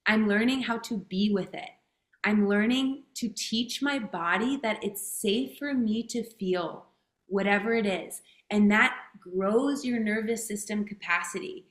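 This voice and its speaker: A woman's voice: medium pitch, measured pace, roomy sound. A woman speaking as a guest coach in a podcast interview, talking casually and emphatically and swearing freely.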